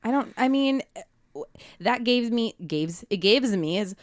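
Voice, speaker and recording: A woman's voice: on the high side, animated, measured pace, no room sound. A woman who is a guest on a podcast, in casual chat, hesitant and self-deprecating, on a studio mic with a pop screen.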